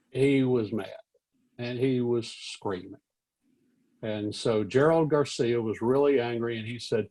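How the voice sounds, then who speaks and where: A man's voice: mid-range voice, poor audio. A man, a veteran newspaper columnist telling stories to an audience and acting out the voices in them. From Fort Worth, Texas. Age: 60s. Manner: animated, acts out quoted voices. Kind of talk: storytelling talk to an audience.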